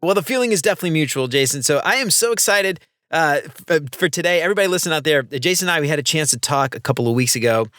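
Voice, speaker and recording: A man's voice: a little high, animated, very fast, fairly bright tone, no echo. A man hosting a casual podcast interview, talking enthusiastically and gushing about his guest. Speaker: podcast host.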